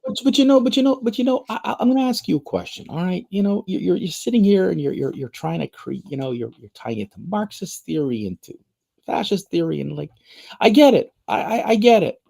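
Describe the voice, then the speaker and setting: A man's voice: high voice, brisk, gravelly. A man co-hosting a political talk show, delivering heated commentary with lots of repeated words and stammers. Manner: animated, repeats words and stammers when fired up. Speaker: podcast co-host.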